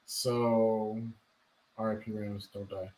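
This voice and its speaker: A man's voice: fairly low pitch, flat delivery, slow, darkish tone, poor audio. A man co-hosting a podcast, laid-back and swearing casually as he chats. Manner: laid-back, swears a lot, says dude. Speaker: podcast co-host. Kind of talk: casual chat. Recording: voice a bit off-mic.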